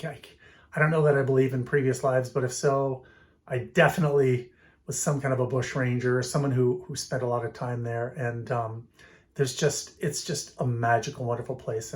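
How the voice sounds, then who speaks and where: A man's voice: mid-range voice, flat delivery, moderate pace. A man in his fifties answering fan questions in a casual, rambling way, full of fillers and restarts. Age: 50s. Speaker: film music director answering fan questions.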